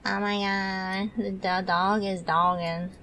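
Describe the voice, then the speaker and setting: A woman's voice: medium pitch, little pitch movement, slow pace, a bit bright. Woman streamer doing a valley girl bit, gushy, takes her time, mid voice. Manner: valley girl talk, full of "like" and "totally"; gushing, cooing over her dog. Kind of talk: playful role-play stream chat.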